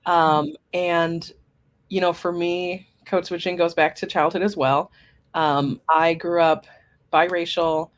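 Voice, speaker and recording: A woman co-hosting a podcast who introduces herself in a casual, conversational chat, with quick affirmations while her partner talks. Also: fairly low pitch, fairly even intonation. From United States. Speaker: podcast co-host, career coach.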